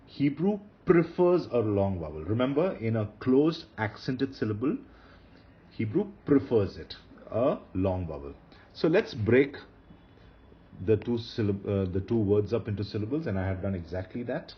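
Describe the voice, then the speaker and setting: A man teaching a grammar lesson, his pitch rising and falling in a lively, emphatic way. He repeats each rule slowly so students will remember it. The recording is a dull, lo-fi voice-over. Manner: slow, repeats key rules for emphasis. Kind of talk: slide-based grammar lecture.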